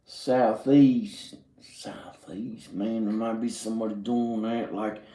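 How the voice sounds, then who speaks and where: A man's voice: fairly low pitch, fairly even intonation, takes it slowly, warm tone, roomy sound, poor audio. A man from Virginia telling a rambling, profane comedic monologue and laughing at his own jokes. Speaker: comedic storyteller. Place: indoor room with drum set and speakers.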